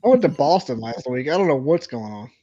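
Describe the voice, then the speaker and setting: A man from Alabama with a Southern accent, drunk and ranting loudly on a podcast, full of swearing. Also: mid-range voice, very animated, fast, lo-fi sound. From Alabama, USA. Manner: profane, boisterous ranting. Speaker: guest. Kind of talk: rowdy casual podcast chat.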